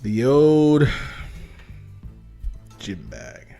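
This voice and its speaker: A man's voice: medium pitch, very animated, extremely slow, warm tone, soft background music. A man co-hosting a casual movie review podcast, swearing and acting out his own reactions. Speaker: podcast co-host. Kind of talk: casual chat.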